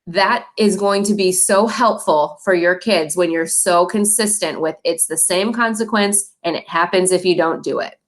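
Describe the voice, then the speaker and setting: A woman's voice: on the low side, moderate pace, hardly any pauses. A middle-aged woman presenting a parent training, friendly and encouraging, with light laughs between points.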